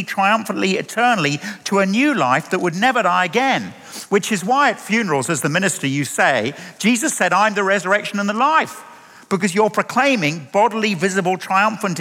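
Animated male preacher in a hall. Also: high voice. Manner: animated, emphatic, rhetorical questions. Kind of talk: sermon. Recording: long hall reverb.

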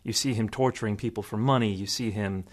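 A man, a guest in an interview, explaining in a measured way and quoting sources at length. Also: lowish voice, steady tone. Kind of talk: interview answer.

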